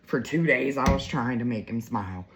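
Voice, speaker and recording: A woman's voice: rumbling low, lively intonation, moderate pace, noisy background. A woman in her forties telling a heartfelt story to her viewers in a chatty, emotional way, full of fillers. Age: 40s. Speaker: vlogger.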